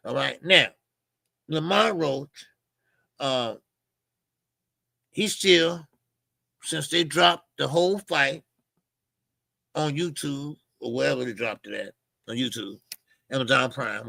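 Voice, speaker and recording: Boxing show host, male, high gravelly voice, animated storyteller who shouts his quotes, dry close mic. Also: slow pace, pauses often, no echo. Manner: animated, acts out quotes with loud outbursts. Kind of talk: casual storytelling commentary.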